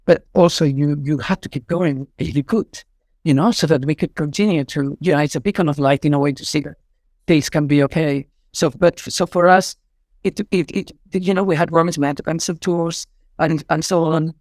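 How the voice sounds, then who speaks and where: A man's voice: on the high side, steady tone, fairly quick, a little mellow, no echo, studio quality. A middle-aged man with a Spanish accent, answering interview questions in an effusive, rambling way with many fillers. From Spain. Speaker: artistic director and choreographer.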